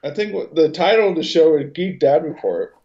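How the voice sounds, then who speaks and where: A man co-hosting a comedy podcast with casual, giggly, deadpan teasing banter. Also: a little high, brisk, a little hiss or hum. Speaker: co-host. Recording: dull lo-fi podcast mic.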